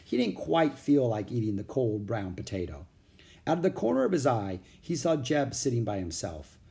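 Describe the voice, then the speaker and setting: A man narrating a children's chapter book, expressive, doing all the character voices. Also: medium pitch, normal speed, vocal fry.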